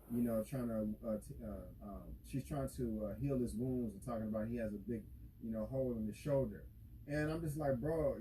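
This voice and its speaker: A man's voice: mid-range voice, dark tone, slight background noise, poor audio. A man hosting a reaction video, recapping a TV episode in loose, rambling casual talk with lots of fillers. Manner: rambling, full of fillers, acts out characters' lines. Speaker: YouTube reaction host.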